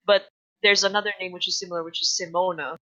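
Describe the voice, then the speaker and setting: A woman's voice: lowish voice, steady tone, quick pace, sharp tone, rough recording. A young woman chatting casually on a podcast, rambling and laughing often. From outside English-speaking countries. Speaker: podcast guest. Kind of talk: casual chat.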